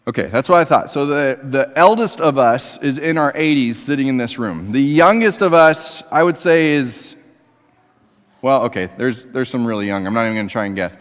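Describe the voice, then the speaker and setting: A man's voice: animated, moderate pace. Man preaching in an echoing church. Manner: conversational preaching, swinging between emphatic highs and quiet lows. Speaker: pastor. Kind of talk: sermon. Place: church sanctuary. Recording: long reverb of a church hall.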